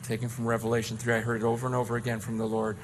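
A middle-aged male pastor preaching a sermon, impassioned, dropping to a hush and rising to shouts. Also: mid-range voice, completely flat delivery, racing, slight background noise. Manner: impassioned, swinging from hushed to shouting.

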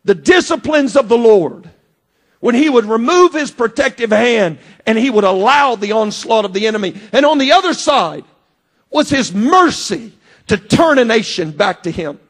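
A middle-aged male preacher whose voice sits very high for a man. He preaches with fervor, breaking into shouts and then dropping low and quiet. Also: animated, normal speed. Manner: impassioned, often shouting, dramatic swings in volume. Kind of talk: sermon.

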